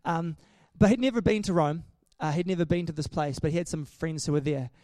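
A man's voice: fairly high pitch, fairly quick, darkish tone, no room sound, studio quality. A man preaching a casual sermon in a chatty, joking way, often restarting his sentences.

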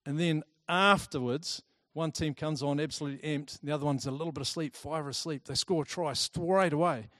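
A man giving a talk to a live audience, lively and chatty, telling personal stories and acting out the people in them. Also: on the high side, fairly quick, hardly any pauses, dry recording, clean studio sound. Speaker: speaker presenting to a group.

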